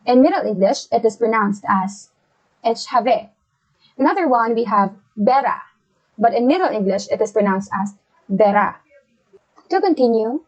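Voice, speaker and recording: Higher-voiced woman explaining a lesson. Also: darkish tone, rough recording. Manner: measured, explanatory reading. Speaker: student presenter. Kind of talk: reading a class presentation.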